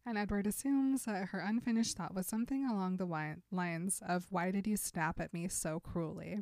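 A woman in casual chat, summing up a story's scenes with lots of laughter and quick quoted lines. Her voice sits in a middle register and is recorded close, dry, with no room sound around it. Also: mid-range voice, no echo. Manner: animated storyteller who laughs often and quotes characters in passing. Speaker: podcast co-host retelling a novel.

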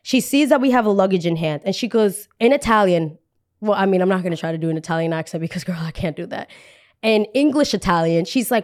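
A young woman from New Jersey, a podcast host telling a dramatic story with lively quoted voices. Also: mid-range voice, fast talker.

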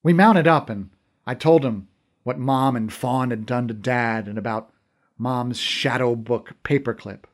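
A man's voice: mid-range voice, measured pace. A man reading a fantasy novel aloud in first person, with wry, conversational storytelling. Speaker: audiobook narrator. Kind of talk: scripted first-person narration.

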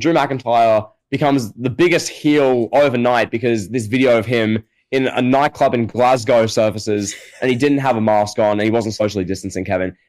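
Male podcast co-host, mid-pitched, animated hyperbolic storyteller. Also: low-quality recording. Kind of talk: casual podcast chat.

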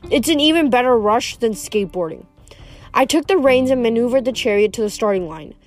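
A woman's voice: a little high, lively intonation, a little fast, darkish tone, soft background music. A woman reading a novel aloud as an amateur audiobook, with frequent slips and restarts. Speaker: audiobook reader.

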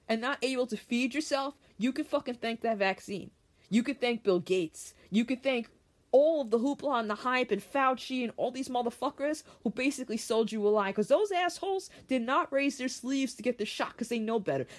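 A woman hosting a solo podcast, ranting in a heated, profane way and repeating her points for emphasis while she reads an article aloud and comments on it. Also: a little high. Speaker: podcast host.

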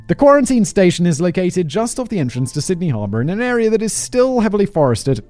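A man's voice: mid-range voice, a little mellow. A man with an English accent hosting a podcast, reading a script aloud and breaking off into rambling, self-deprecating asides. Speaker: podcast host.

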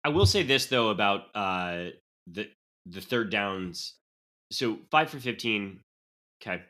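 A man's voice: on the low side, takes it slowly. A man co-hosting a college sports podcast, reeling off stats in blunt, casual chat. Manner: animated, stat-heavy, blunt. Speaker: podcast co-host.

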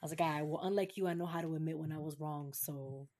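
A woman's voice: low voice, steady tone, fast, mellow. A young woman from Massachusetts, talking candidly and with swearing in a casual podcast chat, acting out what others said. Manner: candid and profane, acts out quoted voices.

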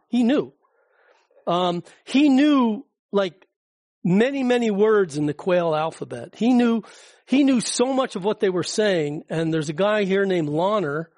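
Man, slightly high voice, dry sound, rambling casual lecture. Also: animated, unhurried, a little mellow, no echo. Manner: rambling, chatty, frequent fillers and restarts. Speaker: guest speaker. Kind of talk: informal public talk with slides.

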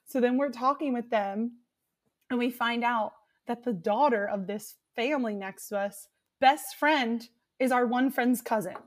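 A young woman with a high voice tells a party story in casual chat. She talks fast and animated, acting out the cheering in loud shrieks. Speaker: guest storyteller.

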